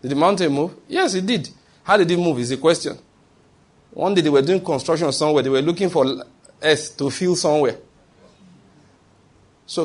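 A man's voice: on the high side, moderate pace, long pauses. A man preaching a sermon, asking rhetorical questions and answering them himself with emphatic repetition.

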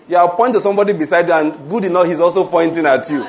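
Nigerian male pastor, fairly high voice, emphatic sermon delivery with call-and-response. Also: rapid-fire, hardly any pauses, a little mellow.

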